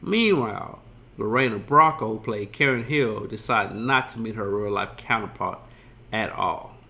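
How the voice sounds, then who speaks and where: Bright-voiced man rambling casually. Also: fairly low pitch, a little slow, gravelly. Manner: rambling, profane, retells scenes loosely. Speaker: streamer reacting to a video. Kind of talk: casual reaction commentary.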